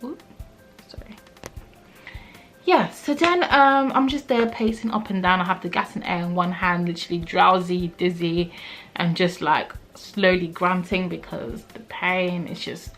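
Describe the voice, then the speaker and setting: A young woman vlogger telling a personal story in a casual, animated way, acting out what people said. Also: on the low side, moderate pace, long pauses, faint music behind. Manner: animated, acts out quotes, frequent "like".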